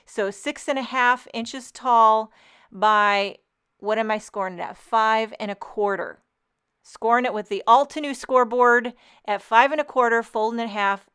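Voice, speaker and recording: A woman's voice: on the high side, unhurried, a bit bright, smooth. A woman hosting her own card-making channel, chatting enthusiastically and explaining each step of a crafting tutorial as she works.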